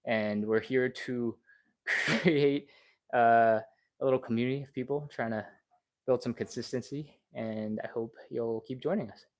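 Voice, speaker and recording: A man's voice: medium pitch, fairly even intonation. Chatty, slightly breathless male stretch coach. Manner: chatty and encouraging, talks fast and rambles. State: a little out of breath. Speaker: stretching instructor. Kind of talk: live-streamed workout coaching.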